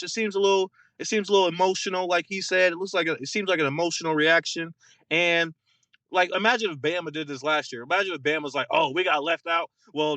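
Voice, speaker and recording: A young man co-hosting a casual sports podcast, ranting in an animated, mocking way with lots of fillers and repeated words. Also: fairly high pitch, no echo. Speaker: podcast co-host.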